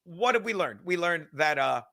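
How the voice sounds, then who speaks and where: A man's voice: fairly high pitch, lively intonation, normal speed, vocal fry, bright, forceful tone. A young man hosting a casual podcast, rambling and swearing constantly while fiddling with his laptop and a cigar. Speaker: show host. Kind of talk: casual profane podcast rant.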